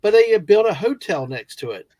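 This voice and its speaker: A man's voice: high-pitched, sing-song, normal speed, darkish tone, no room sound. Easygoing man co-hosting a stream. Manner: easygoing, agreeable, with short affirmations. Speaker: co-host reading chat comments. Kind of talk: casual livestream chat.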